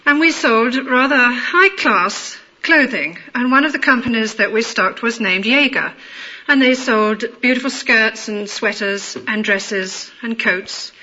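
A woman with a middle-class London accent, telling a personal story in a measured, amused way, in a dull lo-fi recording. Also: fairly high pitch, sharp tone. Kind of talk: personal anecdote told aloud.

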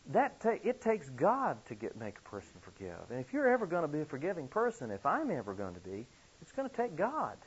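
A man preaching a sermon, telling a story earnestly, with sudden emphatic rises in pitch. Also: huge pitch swings, fast, few pauses, husky. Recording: dull lo-fi recording.

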